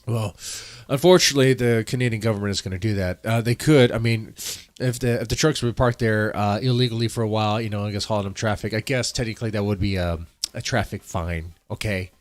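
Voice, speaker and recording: A man's voice: on the low side, fast, hardly any pauses. A man hosting a casual live-stream reaction, rambling and repeating himself as he talks to his chat, congested from allergies.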